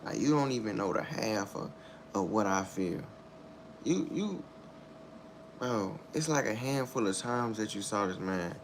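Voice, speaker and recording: A young man giving a candid personal account in a halting, repetitive, subdued way, circling back over his words. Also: lowish voice, a little hiss or hum. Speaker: storyteller sharing a personal loss.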